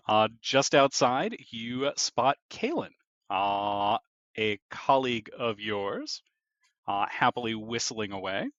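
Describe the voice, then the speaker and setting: A man's voice: mid-range voice, lively intonation, slow pace, fairly bright tone, no room sound. A man narrating a tabletop game as game master, easygoing, with occasional uhs. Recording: slightly dull, lo-fi mic.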